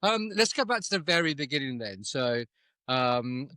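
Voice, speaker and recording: Fifties guy hosting a podcast, bright voice, jokey questions, dry sound. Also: mid-range voice, very animated, normal speed, smooth, dry recording. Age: 50s. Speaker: podcast host. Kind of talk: casual interview.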